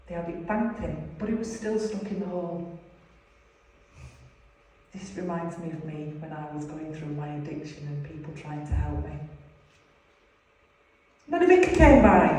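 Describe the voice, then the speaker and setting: A woman's voice: lowish voice, warm tone. A woman giving an earnest, confessional testimony sermon at a recovery ministry, telling a story. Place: large hall. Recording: echoey hall, distant mic.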